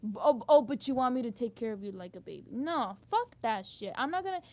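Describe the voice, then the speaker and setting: A woman's voice: on the high side, animated, a little fast, darkish tone, no echo. A young woman in an emotional venting monologue, frustrated and blunt, swearing freely and restarting her sentences as she rambles. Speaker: vlogger.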